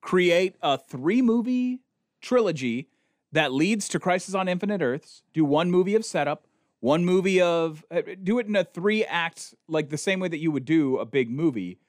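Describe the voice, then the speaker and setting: Man, podcast co-host, animated and ranting, higher pitch, dry sound. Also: moderate pace, no echo. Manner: animated, ranting, mocks others in quoted voices. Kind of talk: casual podcast chat.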